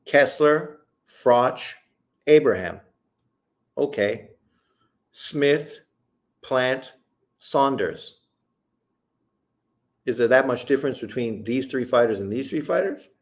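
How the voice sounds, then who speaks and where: A man's voice: mid-range voice, expressive, slow, pauses often. A man from Canada hosting a casual live stream, talking bluntly and profanely while giving opinions and reading out viewer comments. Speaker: host.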